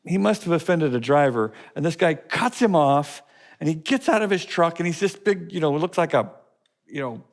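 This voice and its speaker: A man's voice: a little high, expressive, normal speed. A man teaching a course session, speaking emphatically with repetition and stories. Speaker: teacher of a life-skills course. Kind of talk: teaching talk to a class.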